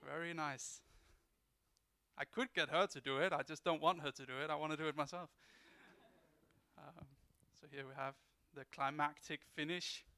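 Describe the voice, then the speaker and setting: A man speaks on a convention panel, joking and poking fun at himself. His voice is bright and gravelly, with a crisp, clear tone. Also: on the high side, fairly even intonation, moderate pace. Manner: self-mocking, jokey. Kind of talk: live panel talk.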